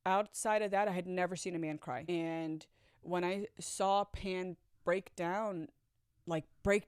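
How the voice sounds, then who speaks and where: Woman storyteller, smooth clear voice, confessional and candid, close dry sound. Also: fairly low pitch, steady tone, slow pace, no echo. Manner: candid, reflective, with nervous laughs. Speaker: storyteller sharing a personal story.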